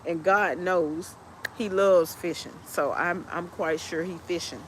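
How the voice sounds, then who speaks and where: A tearful woman shares a personal story on her podcast, speaking very slowly and haltingly with heartfelt emotion. Her words come out in broken pieces, and steady background noise sits under her voice. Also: on the low side, low-quality recording. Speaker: podcast host.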